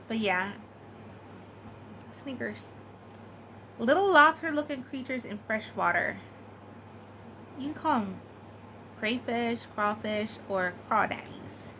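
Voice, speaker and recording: A woman's voice: mid-range voice, bright, forceful tone, slight background noise, low-quality recording. A woman chatting casually and giggling, with many fillers, as she answers a tag. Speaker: craft vlogger.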